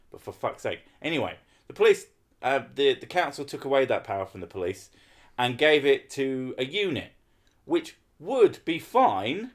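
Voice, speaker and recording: A man hosting a casual podcast chat, swearing a lot and ranting with sarcasm. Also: mid-range voice. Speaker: podcast host.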